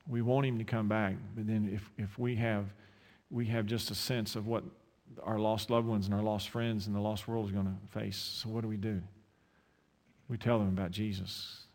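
A man with an Eastern North Carolina accent preaching a sermon, impassioned, with repeated restarts and dramatic pauses. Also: lowish voice, level tone, a little mellow. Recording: long hall reverb.

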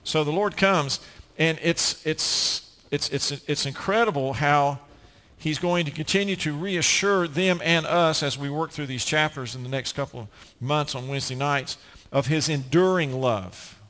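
A man's voice: on the high side, measured pace, fairly bright tone, big-room sound. A man preaching a sermon as pastor, earnest and emphatic, often restarting his phrases.

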